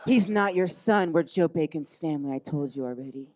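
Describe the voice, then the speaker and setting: A woman's voice: deep voice, animated, brisk, darkish tone, a little hiss or hum. A woman playing a tabletop game, blunt and wry in casual banter. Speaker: player.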